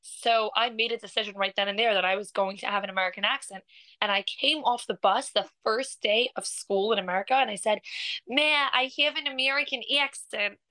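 A woman's voice: medium pitch, fast talker, dry recording, rough recording. A young woman from England, a singer, talking in a casual interview with lots of laughs, fillers and restarts. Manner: animated, laughs often, many fillers and restarts. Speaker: singer and guest.

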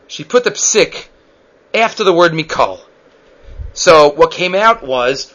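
Rabbi giving a Torah class, an animated storyteller with a high, bright voice. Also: male voice, moderate pace, rough recording. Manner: animated storyteller, acts out voices, mixes in Hebrew terms. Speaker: rabbi teaching the weekly Torah portion.

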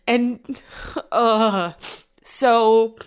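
A woman's voice: on the high side, fairly even intonation, very slow, clear, resonant tone. A young adult woman rambling through a casual vlog story, full of "like" fillers. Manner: chatty and rambling, with constant "like" fillers. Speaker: vlogger and radio host.

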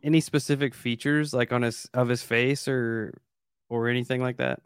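A man's voice: mid-range voice, steady tone, normal speed, clean tone, dry recording, clean studio sound. A man hosting a casual podcast chat, curious and asking follow-up questions. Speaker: podcast host.

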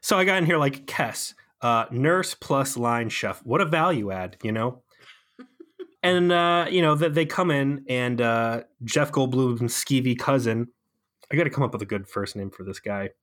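This podcast co-host, a man with an ordinary pitch, gives a loose, jokey recap of a TV episode at a moderate pace. He picks the show apart with sarcastic energy, tripping over frequent fillers as he tells it.

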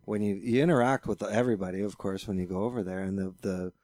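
Low, mellow-voiced man. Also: steady tone, no echo, studio quality. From Canada. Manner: blunt, offers opinions with halting starts. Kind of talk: casual podcast chat.

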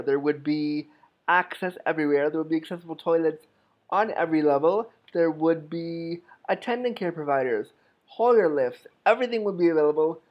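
A man's voice: a little high, muffled recording. A man giving a personal storytelling talk, frank and humorous, with a wry edge. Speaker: speaker telling stories to an audience.

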